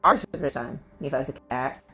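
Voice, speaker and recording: A woman live-streaming from her living room on a phone, chatting to viewers while she coos at her cat in a high baby-talk voice and mutters to herself while setting things up. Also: quick pace, bright, forceful tone, soft background music. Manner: rambling, self-talking while setting up. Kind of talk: casual live-stream chat.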